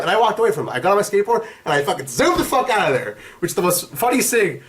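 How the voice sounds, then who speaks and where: A young man hosting his own vlog, telling a story in a profane, rambling, animated way. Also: high voice, rapid-fire, hardly any pauses. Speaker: vlog host. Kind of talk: casual storytelling.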